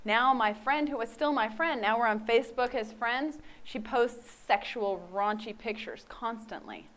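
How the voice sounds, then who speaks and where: A woman's voice: fairly high pitch, a little slow, a bit bright. A woman in her forties giving a candid, self-mocking personal faith testimony. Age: 40s.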